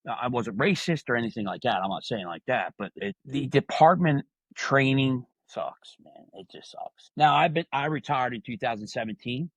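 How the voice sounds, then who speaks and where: A man's voice: medium pitch, animated, normal speed, hardly any pauses, a bit bright, breathy edge, dry recording, low-quality recording. Earnest man in his fifties. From New Jersey. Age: 50s. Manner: earnest, heartfelt, repeats "man" often, many restarts. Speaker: podcast guest, retired correctional officer. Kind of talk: candid personal interview talk.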